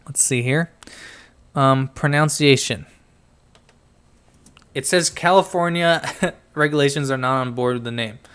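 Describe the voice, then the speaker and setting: A young podcast host chats casually about pop culture, rambling, getting easily sidetracked, and mumbling as he reads things out. His mid-range voice is smooth and a bit bright, at a measured pace with long pauses.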